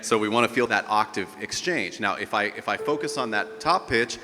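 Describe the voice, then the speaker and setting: A man's voice: lowish voice, fairly quick, bright, forceful tone, in a large hall. A man teaching a live group voice lesson as a vocal coach, explaining technique and demonstrating sounds.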